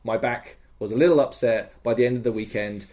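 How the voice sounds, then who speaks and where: A man's voice: medium pitch, fairly quick, a little mellow. A young man talking as a podcast guest in casual chat, rambling and enthusiastic, swearing freely.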